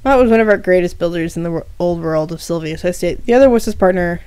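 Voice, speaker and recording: Lowish woman reading her story aloud. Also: fast, a little mellow, clear, resonant tone, no echo. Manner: casual asides with fillers between story passages. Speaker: storyteller reading her own fan fiction.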